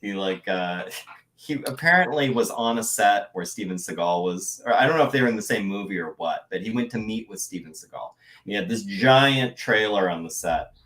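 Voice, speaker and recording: A man from the American West, a voice actor and artist, telling rambling, animated stories in casual podcast chat. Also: fairly low pitch, normal speed, rough recording.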